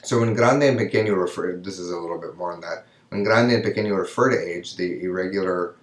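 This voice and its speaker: A man with a very low voice gives a recorded grammar lesson, taking it step by step. He keeps checking in with "right?" as he explains. His voice carries a noticeable room echo. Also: fast. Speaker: Spanish teacher. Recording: echoey room.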